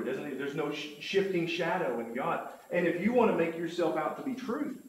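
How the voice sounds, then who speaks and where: Man, Bible class teacher, earnest and emphatic, slightly high voice, very echoey room. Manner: earnest, emphatic, quotes scripture and authors. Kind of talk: church lesson talk. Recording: echoey room with faint noise.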